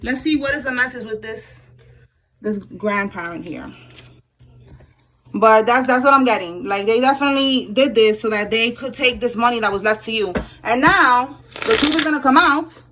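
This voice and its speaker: A woman with a bright, sharp voice pitched a little high gives a casual tarot reading. She talks bluntly in slang, swears freely and keeps checking in with the viewer. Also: normal speed, poor audio. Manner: repeats "okay?" and "all right?" to the viewer. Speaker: tarot reader.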